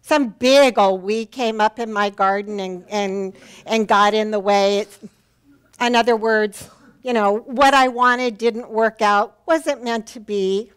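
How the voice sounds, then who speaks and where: A woman's voice: mid-range voice, fairly even intonation, takes it slowly, clean tone. A woman minister giving a Sunday sermon, telling a personal story in a heartfelt, earnest way. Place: church sanctuary.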